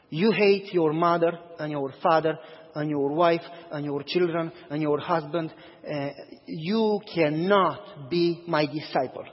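Male pastor, husky and high, animated storyteller preaching in a church, dull lo-fi recording. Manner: animated storyteller, acts out dialogue. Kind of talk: sermon with storytelling. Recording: dull audio, long hall reverb.

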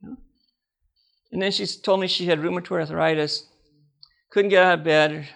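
Older man, preacher, testimony sermon, high voice, gravelly, animated storytelling. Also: normal speed. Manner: animated storytelling, laughing, acting out dialogue.

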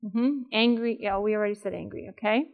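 A woman's voice: medium pitch, fairly quick, gravelly, phone-quality sound. An older woman giving a live talk to an audience in a room, chatty and asking them questions. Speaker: speaker at a workshop.

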